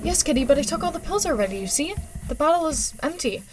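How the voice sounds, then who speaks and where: Woman reading as a calm talking cat. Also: high-pitched, fast, noisy background, voice pushed up. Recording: game music playing underneath.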